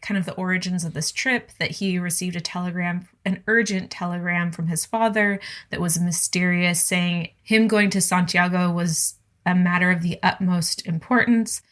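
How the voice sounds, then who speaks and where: A woman with a lowish voice co-hosts a book podcast. She recaps the story in easy, casual chat. She slips into quick voices to act out what the characters say. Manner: animated, acts out characters' lines in quick voices. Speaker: podcast co-host.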